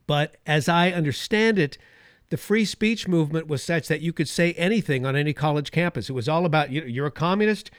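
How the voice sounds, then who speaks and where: Speaking fairly quickly and smoothly in a fairly high voice, a man runs a talk radio show from the studio. His monologue is full of opinions, emphatic repetition, and sarcasm, and the recording is dry and studio-grade.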